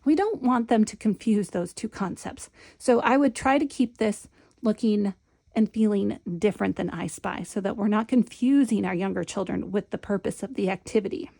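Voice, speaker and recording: Gravelly-voiced woman teaching a classroom game. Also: medium pitch, moderate pace, dark tone. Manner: patient, sing-song when modeling the chant. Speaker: Montessori teacher trainer. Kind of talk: instructional demonstration.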